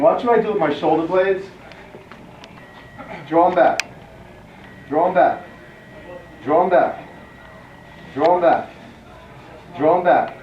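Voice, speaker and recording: Guy coaching a workout in a gym, slow clipped commands, counting reps, kinda far off and echoey. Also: on the high side, a little mellow, a little hiss or hum. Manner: demonstrating while counting reps aloud. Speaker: fitness trainer. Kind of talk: workout instruction. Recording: echoey, distant, dull sound.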